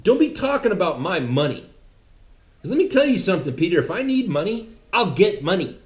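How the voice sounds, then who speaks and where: A stern, commanding Jesus voiced by a man lectures a disciple in a raised, lively voice. He scolds with indignant force. The sound carries a roomy echo. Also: sits high, brisk, pitched above the performer's own voice. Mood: stern scolding.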